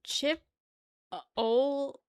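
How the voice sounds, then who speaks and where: A woman's voice: high-pitched, steady tone, extremely slow, no echo, clean studio sound. A woman chatting casually with her live-stream chat, laughing often and arguing playfully. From New York.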